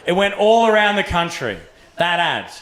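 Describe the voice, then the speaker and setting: A young Australian man performing a profane, animated stand-up set in a comedy club, acting out voices as he tells stories. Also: sits high, moderate pace. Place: comedy club stage with laughing audience. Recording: roomy club sound.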